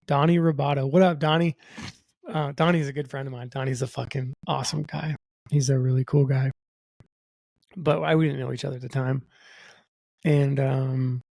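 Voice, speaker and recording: A man's voice: mid-range voice, vocal fry, darkish tone, dry recording. A young adult man telling a long, profane story as a podcast guest, acting out what other people said in his own voice. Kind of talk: casual storytelling.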